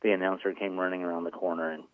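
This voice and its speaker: Lowish-voiced guy on a tinny phone line, earnest and rambly, lots of ums. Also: flat delivery, rapid-fire, no room sound. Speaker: executive producer guest. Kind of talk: casual interview talk.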